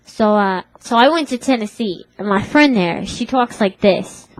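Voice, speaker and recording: A woman's voice: medium pitch, lively intonation, moderate pace, dry recording, rough recording. A woman in her twenties telling a comic story in a put-on Brooklyn accent, rambling and tough-talking. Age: 20s.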